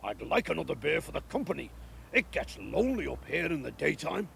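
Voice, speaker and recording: A man voicing a small, worn old teddy bear with a gruff, polite voice in a storybook reading. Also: on the high side, very animated, a little fast, a bit bright, slight background noise, exaggerated voice.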